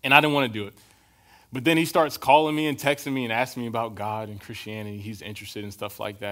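A young adult man delivers a sermon in an easygoing, chatty way. He moves through personal stories and keeps checking in with his listeners. His voice sits at an average pitch for a man. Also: fairly even intonation, fast, fairly bright tone. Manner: casual, storytelling, keeps checking in with "right?". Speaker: preacher. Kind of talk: conversational sermon.

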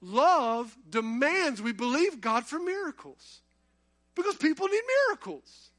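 A man's voice: extremely high pitch, very animated, unhurried, a bit bright. A man preaching a sermon, talking conversationally and building to impassioned emphasis.

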